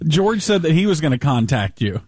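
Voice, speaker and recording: A man's voice: a little high, brisk, slightly rough, no room sound. Man hosting a podcast, dry close sound. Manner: relaxed, chuckling. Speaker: podcast host. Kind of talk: show introduction.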